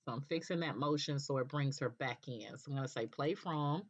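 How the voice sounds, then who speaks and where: A woman presenting a screen-recorded software tutorial, explaining patiently step by step and checking in with "okay", with an occasional cough. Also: extremely low pitch, fairly quick. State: coughing now and then. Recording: dull lo-fi recording.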